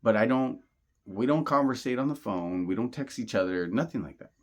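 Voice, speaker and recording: A man's voice: mid-range voice, lively intonation, brisk. A man telling a personal story in a casual monologue, rambling and repeating himself with plenty of slang, earnest and insistent. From Southern California. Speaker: channel host.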